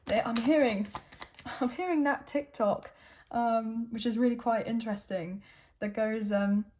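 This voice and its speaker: Casual tarot reader, woman, talking loosely to camera with fillers and "right?" checks. Slightly high voice. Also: unhurried, a little mellow. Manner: chatty, rambling, with frequent fillers and "right?".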